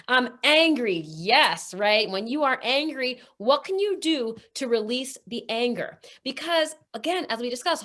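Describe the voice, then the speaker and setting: A woman's voice: fairly high pitch, fairly bright tone. Woman coaching breathwork, counting aloud. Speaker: breathwork instructor. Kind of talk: guided breathwork webinar. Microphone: video call.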